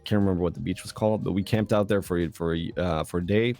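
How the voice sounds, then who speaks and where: Laid-back young Swedish man, low voice. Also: steady tone, fast, darkish tone, soft background music. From Sweden. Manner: laid-back storyteller, loose and profane. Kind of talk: casual chat.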